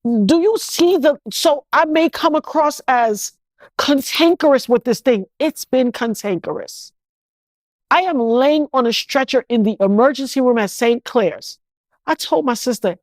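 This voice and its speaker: Animated woman recounting, close and dry. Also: high voice, measured pace, no room sound. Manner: animated, acts out others' voices, indignant questioning. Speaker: interview guest. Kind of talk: emotional first-person storytelling.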